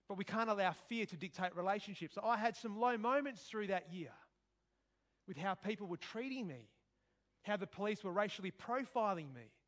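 A middle-aged man preaching a sermon, telling stories and breaking into sudden loud outbursts. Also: sits high.

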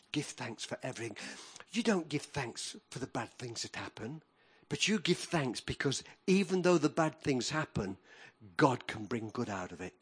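A middle-aged man preaching a sermon, with animated, emphatic delivery that rises in bursts. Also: mid-range voice, breathy edge.

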